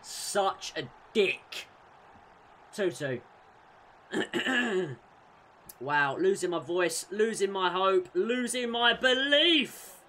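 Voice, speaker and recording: A young man with a high, bright voice, calling his football game as he plays. He yells when his side scores and grumbles low and fast when things go wrong. A faint hum sits behind him. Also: expressive. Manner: swings between loud shouted celebration and muttered frustration. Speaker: gaming YouTuber. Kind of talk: excitable gameplay commentary.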